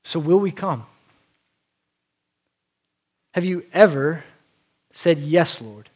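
A man's voice: on the high side, very slow, darkish tone. A male preacher delivering an earnest sermon, often repeating a word as he restarts.

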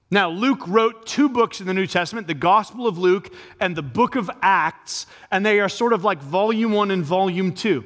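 A man's voice: high voice, normal speed, fairly bright tone. A man preaching a sermon as pastor, talking conversationally and building to emphatic peaks. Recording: long reverb of a large hall.

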